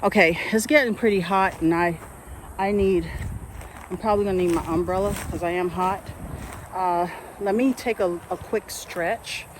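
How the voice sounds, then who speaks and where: A woman's voice: on the low side, fairly even intonation, moderate pace, noisy background. A nervous woman filming herself on a wooded hiking trail on her phone, talking to herself and laughing anxiously. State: anxious, near panic. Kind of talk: self-filmed hiking vlog. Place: outdoors on a wooded nature trail. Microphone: phone held while walking.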